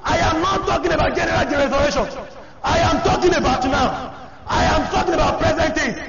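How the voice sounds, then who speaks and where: A man preaching a sermon, shouting emphatically and often breaking into exclamations of praise. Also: very high voice, a little fast, creaky, over a noisy crowd. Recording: echoey hall, dull lo-fi sound, congregation audible.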